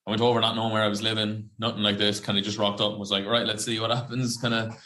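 A man's voice: on the low side, completely flat delivery, very fast, bright, forceful tone. A young Irish man, a professional rugby player, chatting loosely in an interview with lots of fillers and the odd swear word. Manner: chatty and rambling, full of fillers and slang, swears freely. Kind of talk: casual podcast interview.

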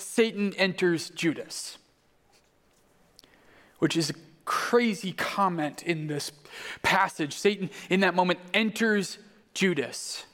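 A man's voice: high voice, a bit bright. A man preaching a sermon, telling the story vividly and acting out the quoted voices. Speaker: pastor. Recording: long hall reverb.

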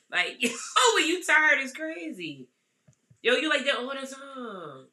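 A woman's voice: a little high, expressive, normal speed, pushed and bright. A woman co-hosting a podcast who chats casually and jumps in with playful, teasing remarks. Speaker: podcast co-host. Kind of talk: casual chat.

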